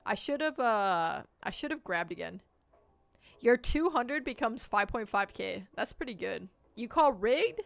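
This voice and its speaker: Gravelly high-voiced woman streaming. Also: animated, a little slow, no echo. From United States. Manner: jokey, reacts loudly with sudden shouts. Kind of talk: live gameplay commentary.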